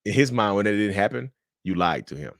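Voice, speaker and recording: A man hosting a casual podcast chat, animated and quick to act out angry quotes, swearing freely. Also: on the low side, vocal fry, no room sound, studio quality. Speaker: podcast host.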